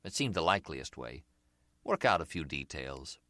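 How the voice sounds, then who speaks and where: Male audiobook narrator, wry delivery, bright and lively, lowish voice, dry close sound. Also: normal speed, no echo. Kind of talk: scripted narration.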